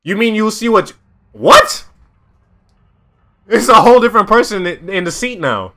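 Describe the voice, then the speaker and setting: A young man talks over his gameplay in a lively, bright voice that swings up into loud, exasperated outbursts. He is slangy and repeats his lines for effect, and soft music plays underneath him. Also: high voice, a little slow, long pauses. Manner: loud, animated, exasperated reactions to the game. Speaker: gaming YouTuber. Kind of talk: casual let's-play commentary.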